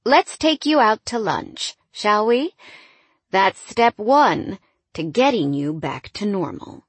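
A woman voicing a caring female coworker who speaks in a slow, coaxing, upbeat way. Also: mid-range voice, expressive, slightly rough, dry recording, exaggerated voice.

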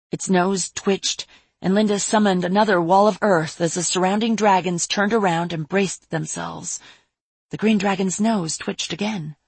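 A woman reading a fantasy audiobook in an even, measured, breathy voice. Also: lowish voice, no room sound. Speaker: narrator. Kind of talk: audiobook narration of a fantasy story.

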